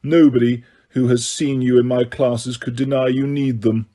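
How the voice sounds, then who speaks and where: A man voicing a cold, sneering male potions master who speaks quietly, slowly and waspishly. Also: mid-range voice, steady tone, natural voice. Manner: slow, quiet, silky and waspish.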